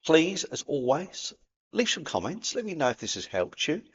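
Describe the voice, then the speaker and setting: A man with a Cockney accent giving an earnest, gently encouraging spiritual talk to camera, in a matey way. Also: a little high, sing-song, normal speed, slightly rough, highs cut off. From London, England. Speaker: spiritual video host.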